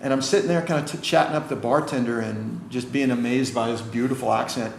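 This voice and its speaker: American guy telling stories, kinda gravelly, room echo and a bit of hiss. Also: medium pitch, fast. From United States. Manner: animated storyteller, acts out quoted voices. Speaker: chiropractor guest. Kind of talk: casual storytelling interview. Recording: roomy with faint ambient noise.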